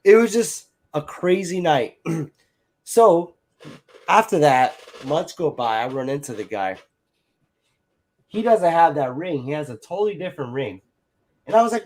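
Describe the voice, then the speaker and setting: A man's voice: a little high, very animated, unhurried, long pauses, darkish tone. A man telling a personal story in casual chat, rambling, swearing and acting out other people's lines. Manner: rambling, full of "like" and "you know", swears freely.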